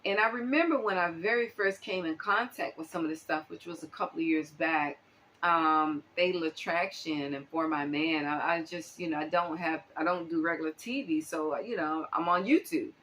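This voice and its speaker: A low-pitched woman from the United States talks straight to her viewers in a loose, unscripted monologue. She is animated, breaks into exclamations and fills her pauses with ums and you-knows. A faint background noise runs under her voice. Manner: animated, exclaiming, many fillers. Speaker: channel host. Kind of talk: casual monologue commentary.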